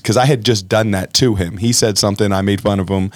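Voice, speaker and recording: A podcast host with a lowish voice talks quickly, barely pausing, in a dry recording. The casual conversation is candid and self-reflective, and he animatedly acts out what others said, raising his voice for the quoted lines.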